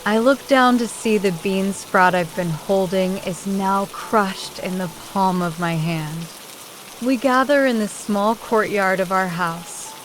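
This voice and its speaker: Slow-reading woman audiobook narrator. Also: medium pitch, a little hiss or hum, low-quality recording. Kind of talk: scripted first-person narration. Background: rain sound.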